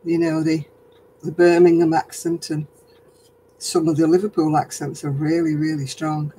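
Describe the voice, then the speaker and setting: A woman's voice: sits low, level tone, moderate pace, warm tone, slight background noise, low-quality recording. A woman with a broad Lancashire accent, chatting homely with viewers while crocheting on a craft livestream. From Lancashire, England. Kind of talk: casual chat, answering viewer comments while crocheting.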